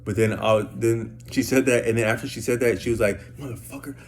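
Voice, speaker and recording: A man's voice: mid-range voice, fairly even intonation, brisk, slight background noise. A man telling a rambling story to the camera, stammering and repeating words in casual slang. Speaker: vlogger.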